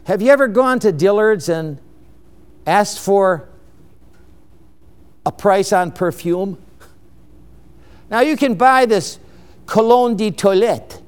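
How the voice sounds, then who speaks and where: A man preaching a sermon, emphatic and unhurried, with exclamations and chuckles. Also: high-pitched, lively intonation, clear, resonant tone.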